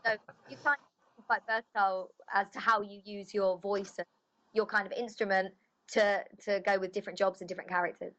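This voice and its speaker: A woman's voice: mid-range voice, flat delivery, brisk, fairly bright tone, low-quality recording. A woman voice actress chatting casually in an interview, loose and full of filler phrases. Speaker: voice actress guest.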